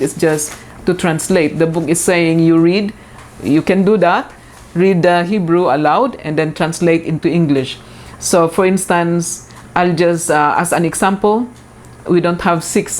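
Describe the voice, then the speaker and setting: A woman instructor delivers a recorded lecture in a low, darkish voice. She's patient, going over important points more than once and hesitating with filler words, while a faint hiss runs in the background.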